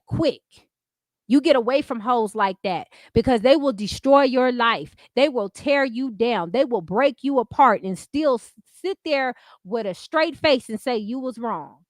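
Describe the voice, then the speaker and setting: A woman's voice: fairly high pitch, no echo, clean studio sound. A woman hosting an unscripted commentary stream, talking bluntly with heavy profanity and repeating her catchphrases.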